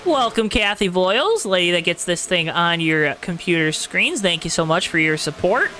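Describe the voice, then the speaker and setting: Calling a sim race online, a man uses a high, lively, pushed and bright voice at a normal speed, hamming up his announcer style and addressing the watchers directly. Faint hiss or hum runs through the poor-quality audio.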